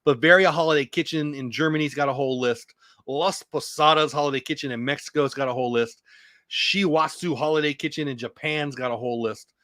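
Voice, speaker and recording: A man's voice: fairly high pitch, fairly even intonation, a little fast, pushed and bright, no echo. A middle-aged man hosting a casual morning news show, rambling through long lists and joking about his own pronunciation. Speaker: show host.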